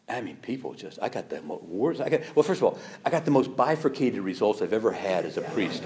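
A man, a priest, teaching fellow preachers in a lively storytelling way, acting out quoted voices and laughing along. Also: lowish voice, a little fast, few pauses. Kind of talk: teaching talk to clergy with anecdotes.

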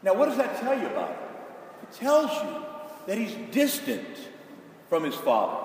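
Man preaching with big shouts in an echoey hall. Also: on the high side, very animated, normal speed, distant mic, slight background noise. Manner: emphatic, rising to shouts for stress. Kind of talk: sermon. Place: large church.

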